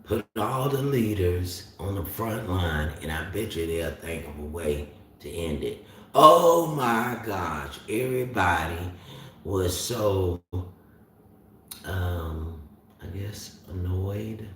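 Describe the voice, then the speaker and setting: A man's voice: low voice, lively intonation, takes it slowly, pushed and bright, a little hiss or hum. A man from Florida with a Southern accent, rambling in casual livestream chat and answering viewers' comments. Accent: Southern US (north Florida). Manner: rambling, drawling, talks back to chat. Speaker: livestream host. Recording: very echoey room, distant mic.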